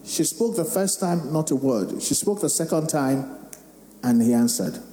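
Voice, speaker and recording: A man's voice: fairly high pitch, measured pace. Man preaching in an echoey hall. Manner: animated preaching, asks the congregation questions. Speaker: pastor. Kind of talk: sermon. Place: large worship hall. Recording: echoey hall with faint music.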